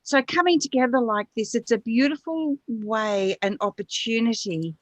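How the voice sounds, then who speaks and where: A woman hosting a live stream, welcoming viewers in a soft, unhurried way with frequent hesitations. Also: on the high side, dry recording. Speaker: host. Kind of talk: casual chat.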